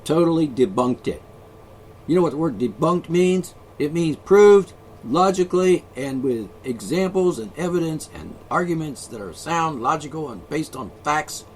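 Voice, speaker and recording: A man's voice: fairly high pitch, slight background noise. A man ranting alone, profane and sarcastic, mocking the people he is angry at. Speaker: ranting vlogger. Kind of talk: angry solo rant.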